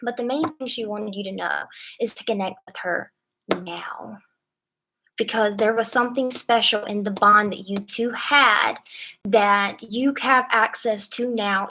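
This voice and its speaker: A woman's voice: mid-range voice, fairly even intonation, measured pace, sharp tone, poor audio. A woman reading tarot on a live stream from a hotel room, chatting casually and playfully with viewers in slangy talk and laughing often.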